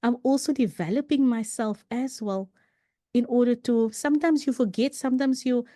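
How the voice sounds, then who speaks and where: A woman with a mellow, warm voice talks earnestly as a podcast guest and tells personal stories in a loose, conversational way. She often restarts her sentences and drops in "you know." The recording is dry and close, with no room sound. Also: on the high side, normal speed, no echo.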